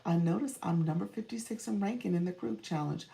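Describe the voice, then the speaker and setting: A woman's voice: lowish voice, fairly quick, vocal fry, dark tone, reverberant, distant mic. A woman coaching on a livestream in casual chat, reading comments, laughing often and thanking viewers by name.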